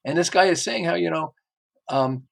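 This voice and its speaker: A man's voice: fairly high pitch, moderate pace, creaky. A middle-aged man, a marketing expert guest, chatting casually and acting out quotes as he tells stories. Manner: animated storyteller who acts out quotes. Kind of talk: casual interview chat.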